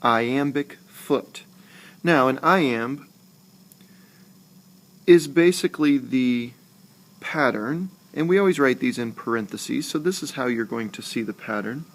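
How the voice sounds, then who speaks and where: A man teaching a recorded lesson, talking slowly and deliberately and saying example words aloud more than once. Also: mid-range voice. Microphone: screencast voice-over.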